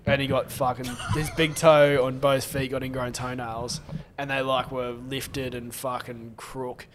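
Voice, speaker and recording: A man's voice: medium pitch, flat delivery, measured pace, background noise. An Australian man telling a gross story in casual podcast chat, swearing and laughing. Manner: sweary, laughs as he tells stories. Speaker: podcast co-host.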